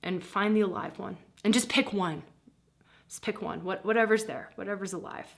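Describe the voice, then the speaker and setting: Animated woman guiding a spiritual practice. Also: medium pitch, moderate pace, gravelly. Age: middle-aged. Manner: animated, breezy, laughs often, acts out inner voices. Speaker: spiritual teacher. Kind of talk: guided spiritual teaching.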